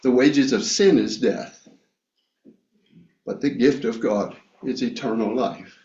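A man preaching a sermon, reading scripture and sharing a personal story in a reflective way with many pauses and fillers. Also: mid-range voice, mellow. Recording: echoey room, slightly dull sound.

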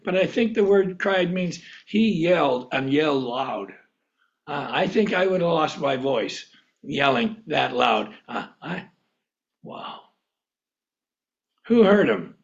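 A man teaching a Bible lesson, asking the group questions and chuckling often. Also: high-pitched. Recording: dull lo-fi recording.

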